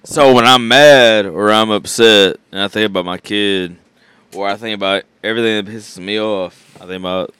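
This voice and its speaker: A man's voice: fairly low pitch, normal speed, fairly bright tone, clean tone, no room sound. A man co-hosting a casual podcast chat, laid-back with blunt, crude comebacks. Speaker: podcast co-host.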